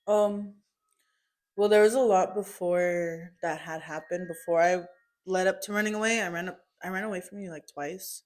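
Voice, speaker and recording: A young woman recounts a family story in loose, casual conversation, her voice sitting a little low. She talks in a chatty way, stringing thoughts together with plenty of "like" and "um.". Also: fairly even intonation, moderate pace, a little mellow. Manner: chatty, full of "like" and "um" fillers. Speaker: daughter telling her story.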